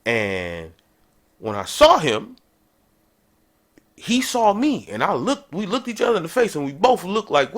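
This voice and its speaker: A man hosting a podcast, telling a travel story in a casual, animated storytelling way. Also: measured pace, long pauses. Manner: animated, conversational, jumps in pitch for emphasis. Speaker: podcast host.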